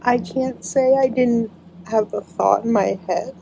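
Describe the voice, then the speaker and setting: A woman's voice: fairly high pitch, fairly even intonation, measured pace, gravelly, noisy background. A young woman book vlogger chatting casually and emotionally about a book she is reading, full of fillers. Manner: gushing and emotional, with frequent fillers.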